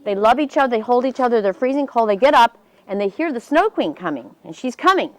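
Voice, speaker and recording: A woman telling a fairy tale to children, animated and voicing the characters as she goes. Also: quick pace. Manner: animated, voices the characters with big pitch jumps. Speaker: storyteller.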